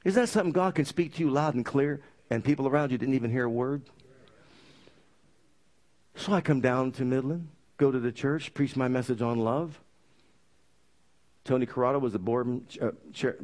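Male pastor, animated storyteller, slightly high pitch, preaches with call-and-response amens. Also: normal speed, long pauses. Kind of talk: sermon.

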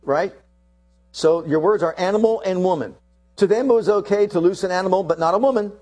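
A man preaching a sermon, acting out the quoted lines of the story. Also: fairly quick. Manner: animated, acts out quotes with shifting pitch.

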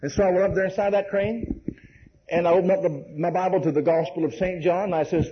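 A man's voice: high-pitched, fairly even intonation, fast talker, highs cut off, slight background noise. A man preaching a sermon, telling folksy stories with many "bless God"s and "amen"s, acting out dialogue and laughing along the way.

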